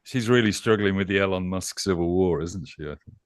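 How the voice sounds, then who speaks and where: A man's voice: sits low, a little fast, smooth, no room sound, clean studio sound. A man on a casual panel chat who questions and pushes back on claims. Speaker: panel guest.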